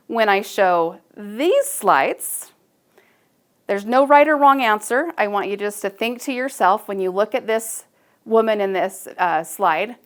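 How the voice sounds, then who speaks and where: A woman giving a recorded staff training talk, measured and instructive, with frequent ums and uhs. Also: medium pitch, smooth.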